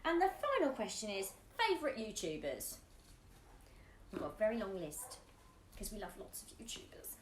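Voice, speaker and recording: A woman YouTube vlogger chats casually and giggles while answering tag questions with her partner, her pitch swinging hugely and drifting up and down. She talks at normal speed, and the recording is reverberant with a little hiss or hum.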